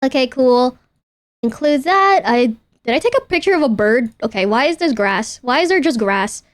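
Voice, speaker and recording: A woman's voice: high-pitched, lively intonation, normal speed. A young woman streaming casually to her chat, talking through photos in a playful, self-interrupting way and swearing freely. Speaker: VTuber streamer.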